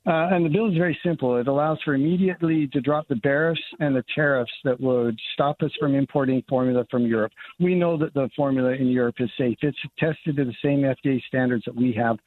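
A man's voice: mid-range voice, quick pace, hardly any pauses. An older man, a congressman, speaking earnestly as a guest in a radio interview by phone. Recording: tinny phone line.

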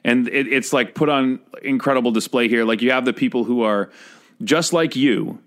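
Male co-host, reflective casual talk, hesitant, middle pitch. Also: normal speed. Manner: thoughtful, hesitant, many restarts. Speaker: podcast co-host, movie reviewer. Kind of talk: casual chat.

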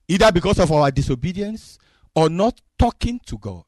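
A man preaching a sermon, acting out dialogue with God in an expressive way. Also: fairly high pitch, normal speed, dry recording.

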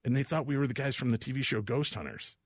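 A man hosting a studio talk show, telling funny stories in a casual, lively way and acting out other people's lines. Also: mid-range voice, fast talker, no room sound. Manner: animated storyteller, acts out quoted voices. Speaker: radio host.

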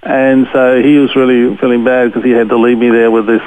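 Aussie guy spinning a funny yarn over the phone, middle pitch, tinny line. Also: a little fast. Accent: Australian. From Australia. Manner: lively anecdotal storyteller, chuckles often. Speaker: guest, landscape photographer. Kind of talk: telling a story in a radio interview.

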